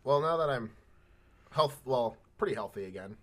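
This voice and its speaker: A man's voice: medium pitch, lively intonation, moderate pace. A man with a mid-range voice rambling through a story on a podcast. He laughs often as he talks and acts out other people's lines. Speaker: podcast co-host. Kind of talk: casual storytelling chat.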